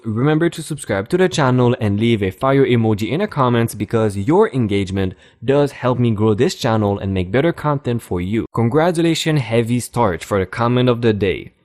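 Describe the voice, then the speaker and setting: A man narrating online stories from a script for his channel, in a lively storytelling manner. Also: medium pitch.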